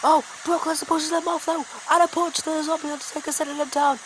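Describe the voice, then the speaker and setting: An excitable woman calls wrestling play-by-play in a fairly high voice, breaking into sudden exclamations. A steady hiss sits under the recording. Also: fast talker. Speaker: commentator. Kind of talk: play-by-play wrestling commentary over a video game.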